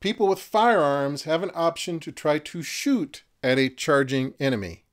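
A man's voice: a little high, expressive, normal speed. Chatty man running a tabletop game. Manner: chatty, laughs at his own jokes. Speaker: game master. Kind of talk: narrating a tabletop miniatures game.

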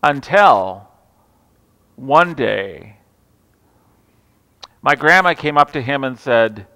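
Pastor guy preaching christmas eve, bright clear voice, big echoey church, goes loud then soft. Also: medium pitch, lively intonation, very slow. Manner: storytelling with humor, swings from loud to hushed. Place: large church sanctuary. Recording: reverberant church hall.

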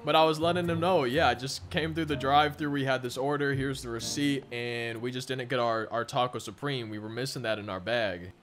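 A young man tells a rambling story casually while playing a video game, full of restarts and filler words. His voice sits mid-range with a steady tone, a bit bright, moving a little fast with hardly any pauses. There's a slight hiss or hum in the recording.

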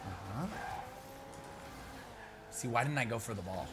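A young man chatting through live gameplay, talking to his teammate and breaking into excited shouts. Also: lowish voice, measured pace. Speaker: gaming YouTuber. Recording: background noise.

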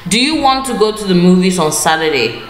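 A woman's voice: fairly low pitch, lively intonation, fairly quick. A woman teaching an online grammar lesson over a screen share, patient, repeating key phrases and correcting herself as she goes. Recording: echoey room with faint ambient noise.

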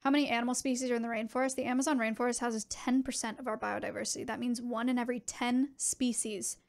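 A young woman in her early adult years chats with her viewers on stream, animated and casual, with fast asides. Her pitch leans high.

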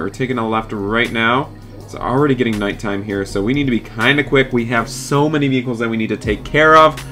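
A man's voice: mid-range voice, fairly bright tone. A man hosting a gaming channel, narrating role-play gameplay step by step and chatting to in-game characters. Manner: eager, narrates each move and chats to in-game characters.

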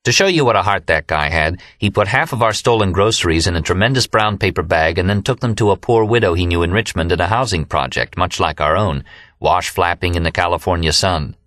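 With a low voice, a man reads scripted audiobook narration, keeping a steady, measured storytelling pace. The studio-quality sound has no echo.

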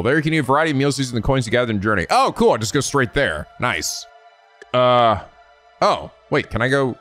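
A man's voice: medium pitch, sing-song, brisk, a bit bright, faint music behind. A man hosting a let's play, chatting casually and thinking aloud as he plays, with sudden swearing outbursts. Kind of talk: casual gameplay commentary.

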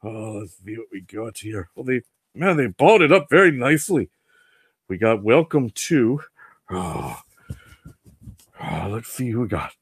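A man playing Venom, a boastful alien symbiote, in a goofy, excitable in-character comic unboxing. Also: fairly low pitch, unhurried, long pauses, slightly rough, dry recording, studio quality, heavily acted. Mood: excited playful. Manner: goofy, excitable, answers himself with "yes".

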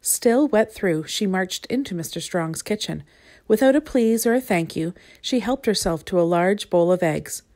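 A woman reading a children's picture book aloud with expressive, playful asides to the listener. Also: mid-range voice, moderate pace. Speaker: storybook reader.

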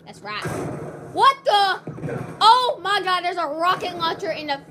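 A woman giving excited gameplay commentary, yelling loud reactions and trash talk at the game. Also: extremely high pitch, a little slow, background noise.

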